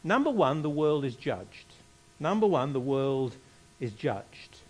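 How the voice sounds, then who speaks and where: A man's voice: medium pitch, big pitch swings, slow. A man preaching a sermon, reading scripture aloud and repeating key phrases for emphasis.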